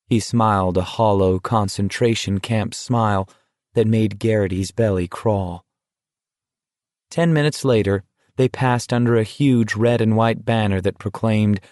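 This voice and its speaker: A man narrating an audiobook in a measured, even reading voice on a close studio mic. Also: lowish voice, dry recording. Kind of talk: scripted narration.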